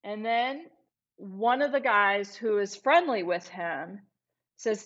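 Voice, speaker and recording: A woman lawyer recounts a case in a slow, deliberate way. She leans into the story and acts out the lines of the people in it. The recording sounds dull and lo-fi. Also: medium pitch, a bit bright. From Los Angeles-based. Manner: vivid retelling, acts out quoted speech. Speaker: trial lawyer, podcast guest. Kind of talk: storytelling in conversation. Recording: dull lo-fi audio.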